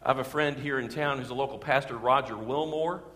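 A man preaching a sermon as a pastor, talking warmly and building to emphatic peaks on key phrases. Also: mid-range voice, a little fast. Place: church sanctuary. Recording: reverberant church sanctuary.

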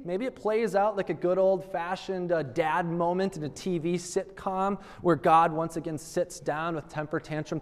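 Brief: animated male preacher, high voice, rhetorical questions, long hall reverb. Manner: animated storytelling, asking the audience rhetorical questions. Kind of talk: sermon.

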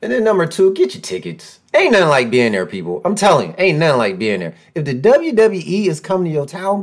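Animated, excitable male podcast host. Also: brisk, few pauses. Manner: excitable and joking, with big swings in pitch and loudness. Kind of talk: casual podcast monologue. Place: room at home with a door nearby.

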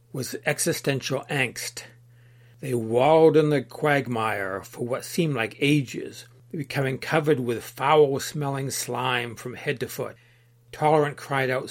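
A man narrating an allegorical story in a steady, even storytelling manner. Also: medium pitch. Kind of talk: reading an allegorical story aloud.

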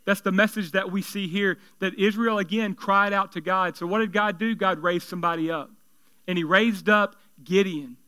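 A male pastor preaching a sermon in an animated, conversational way, with joking asides. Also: high voice, moderate pace, smooth.

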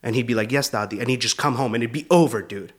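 A man's voice: mid-range voice, fast. A male comedian hosting his show, riffing in a loose, profane monologue that is full of "dude". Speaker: comedian host.

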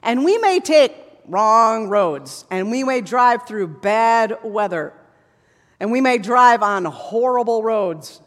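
A woman preaching a sermon in an earnest manner, rising to fervent passages and sinking to hushed closing words. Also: fairly high pitch, animated, slow pace. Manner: earnest, builds to fervent passages, drops to soft hushed endings. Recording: long hall reverb.

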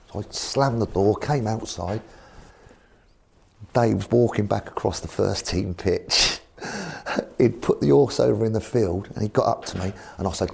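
A former football manager telling anecdotes in an animated way and acting out voices. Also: male voice, lowish voice, moderate pace, gravelly, breathy edge. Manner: animated, acts out voices in his stories. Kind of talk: anecdotal storytelling.

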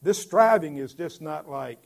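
A male pastor preaching a sermon in an earnest, emphatic way, his voice swelling loudly at points. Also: on the high side, animated, a little slow, gravelly.

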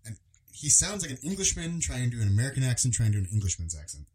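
A man co-hosting a podcast, chatting casually about films, talking quickly and sometimes restarting his sentences. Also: mid-range voice, breathy edge. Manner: quick, animated, trails off and restarts. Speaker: podcast co-host. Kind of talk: casual film chat.

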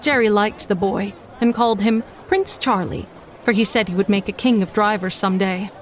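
A woman reading a classic storybook aloud, her voice at a middle pitch and her delivery even and measured. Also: slight background noise. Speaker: audiobook reader. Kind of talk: storybook narration.

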